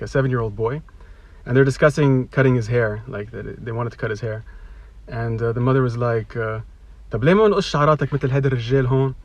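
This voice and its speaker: A man recounts a personal anecdote in a casual, amused way. He talks at a brisk clip. His voice sounds close and dry, with no room around it. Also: mid-range voice, no room sound, lo-fi sound. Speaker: storyteller.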